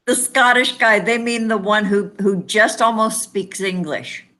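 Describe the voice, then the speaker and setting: A woman's voice: mid-range voice, unhurried, sharp tone. A woman joining a casual group chat with playful, flirty teasing. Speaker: panel guest.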